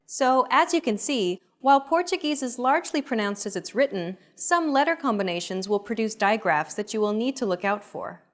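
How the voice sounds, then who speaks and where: A woman giving scripted explanations in a language lesson, in a plain, even tone. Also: fairly high pitch, moderate pace, hardly any pauses. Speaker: narrator.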